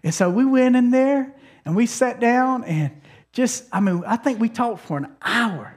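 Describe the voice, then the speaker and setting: A man's voice: very high-pitched, animated, unhurried, a little mellow. A male pastor preaching a sermon in a conversational, storytelling way, often restarting his sentences and calling on the congregation to respond.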